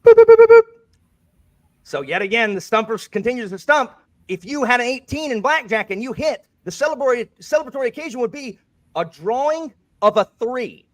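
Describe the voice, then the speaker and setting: A man's voice: very high-pitched, expressive, brisk, fairly bright tone. A man hosting a bookish quiz game, playful and jokey, reading each clue twice. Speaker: quiz host. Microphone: desk microphone.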